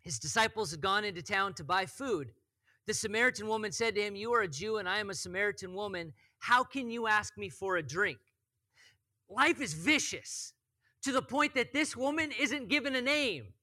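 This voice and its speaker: A man's voice: high-pitched, animated, moderate pace, pushed and bright. A young man preaching a casual sermon as pastor, chatty and joking, with lots of "like" fillers.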